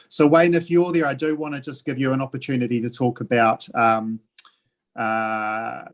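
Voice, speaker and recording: A man with a New Zealand accent chairs a council meeting. He talks haltingly, stopping and restarting with many ums, in a voice of middle pitch.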